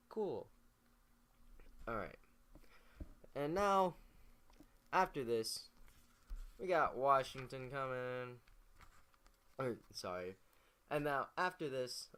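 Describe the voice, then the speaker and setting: A man giving a rambling, profane, jokey casual recap of history, losing his place now and then. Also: mid-range voice. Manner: rambling, profane, jokey, slips into mock voices. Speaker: comedic history narrator.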